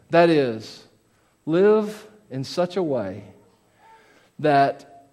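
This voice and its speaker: A pastor preaching a sermon to his congregation, earnest, swinging between loud emphasis and soft confiding asides. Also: a little high.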